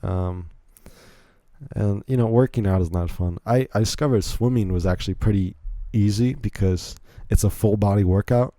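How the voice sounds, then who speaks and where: Low, dark-voiced young man rambling. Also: moderate pace, no echo. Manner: rambling, self-deprecating, many restarts. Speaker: podcast host. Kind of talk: casual monologue.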